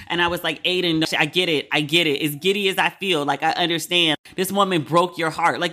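Guy podcast host riffing solo, high voice, bright and punchy, swears a lot. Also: fast, hardly any pauses. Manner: candid, animated, profane, chatty storytelling. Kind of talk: casual solo podcast commentary.

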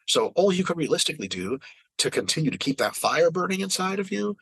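A man with a slightly husky voice chats on a podcast, and his pitch swings up and down as he talks. He swears freely and slips into quick impressions of other people. The sound is dry and close. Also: big pitch swings, fairly bright tone, dry recording, rough recording. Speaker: podcast host. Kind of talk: casual podcast conversation.

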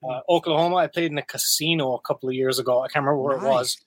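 A man's voice: medium pitch, steady tone, rapid-fire. A young Irish man, a guest musician, chatting casually, rambling, laughing often and swearing freely. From Ireland. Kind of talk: casual chat.

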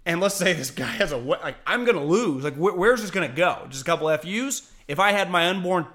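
Guy on a podcast, high bright voice, animated, gets loud telling stories. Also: fairly quick. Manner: animated storyteller, swings between laid-back and shouty. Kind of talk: casual podcast chat.

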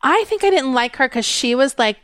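A woman's voice: sits high, expressive, a little fast, a bit bright, no echo, clean studio sound. A middle-aged woman co-hosting a podcast, chatting casually in a blunt, wry way and laughing easily. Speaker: podcast co-host. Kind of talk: casual chat.

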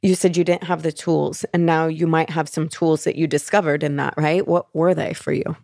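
A woman co-host speaks with a gravelly edge to her voice, recorded dry and close. She is supportive and chats casually, asking gentle follow-up questions. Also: low-pitched, level tone, moderate pace, no room sound. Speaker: podcast co-host. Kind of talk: casual interview chat.

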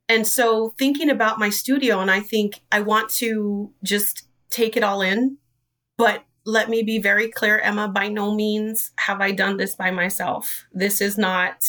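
A woman speaking as an interview guest in an earnest, emotional storytelling way. Her voice is bright and forward. She sits a little back from the microphone. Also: medium pitch, recorded from a distance. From Idaho. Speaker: dance studio director.

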